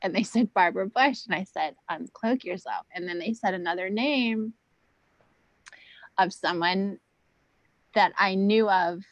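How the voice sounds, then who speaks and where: A woman chatting as a guest on a video call, rambling with lots of "like" and "um" and at times dropping her voice to a hush. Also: medium pitch, measured pace, long pauses, no room sound, dull audio. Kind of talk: casual video call chat.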